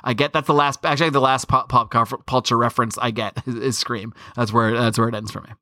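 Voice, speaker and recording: A man's voice: medium pitch, steady tone, fast, sharp tone, no room sound, studio quality. A man recapping a comic book in casual podcast chat, rambling with many fillers and restarts. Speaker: podcast host.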